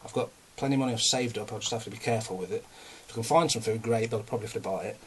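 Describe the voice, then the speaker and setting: A man's voice: on the low side, rapid-fire. Man, young adult, rambling vlog rant, self-deprecating, a bit winded, faint background noise. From England. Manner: ranting, self-mocking, chatty. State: out of breath. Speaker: vlogger.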